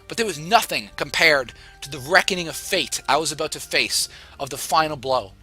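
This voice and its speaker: Bright-voiced young man, rambling and profane. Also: on the high side, animated, normal speed, breathy edge, faint music behind. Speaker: livestreamer. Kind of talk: rambling livestream storytelling.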